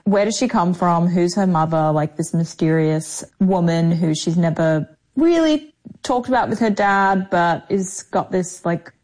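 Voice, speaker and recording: A woman's voice: on the low side, expressive, unhurried, a little mellow. A woman with an Australian accent, an actress talking casually in an interview, chatty with many fillers. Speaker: actress, guest.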